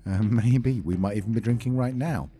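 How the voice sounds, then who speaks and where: A man with a very low voice co-hosts a relaxed podcast. He drops dry, joking asides. Soft music plays faintly behind him. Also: moderate pace. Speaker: podcast co-host. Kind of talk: casual chat.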